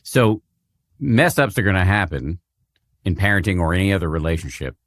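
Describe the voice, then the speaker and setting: A man's voice: deep voice, animated, normal speed, no echo, clean studio sound. A man hosting an interview podcast, wry as he sets up segments and questions his guest. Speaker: podcast host.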